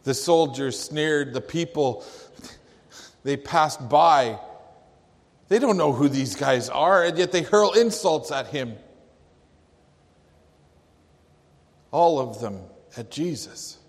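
A man playing a grieving father, slow and hushed. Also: a little high, lively intonation. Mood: horrified. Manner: slow, halting, hushed storytelling. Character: grieving Jewish father of a crucified thief. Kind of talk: dramatic first-person monologue. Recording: long echoey hall reverb.

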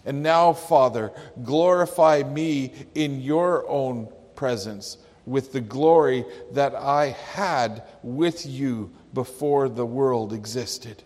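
A pastor preaching a sermon, slow and emphatic, leaning hard on key words. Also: male voice, medium pitch, darkish tone. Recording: long hall reverb.

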